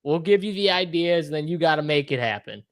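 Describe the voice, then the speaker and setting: A man's voice: on the high side, animated, a little fast. A man hosting a casual sports betting show, joking and bantering loosely with his co-host.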